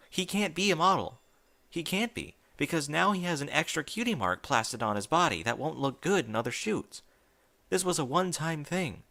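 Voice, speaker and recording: A man reading fan fiction aloud in the first person, with an emotional, expressive delivery. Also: medium pitch. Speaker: audiobook reader.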